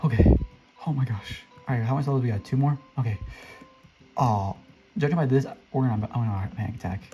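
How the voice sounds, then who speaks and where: A woman giving casual, excitable commentary while playing a game, talking to other players and squealing when she jumps. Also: rumbling low, quick pace, lo-fi sound, faint music behind. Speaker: gaming channel host.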